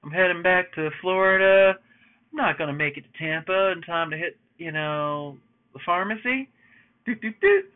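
A man telling a rambling personal story in casual monologue, swearing often and filling pauses with "you know". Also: high-pitched. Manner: rambling, profane, lots of fillers and restarts. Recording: phone-like narrow band.

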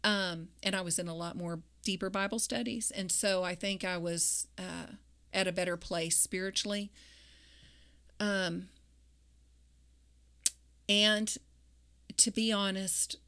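A mother talking about faith and grief in an interview, speaking reflectively and haltingly with many fillers. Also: medium pitch, fairly even intonation, pushed and bright. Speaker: guest; grieving mother.

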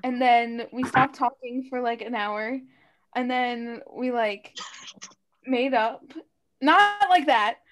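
Slightly high woman telling a story in group chat, swears casually. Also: flat delivery, slow.

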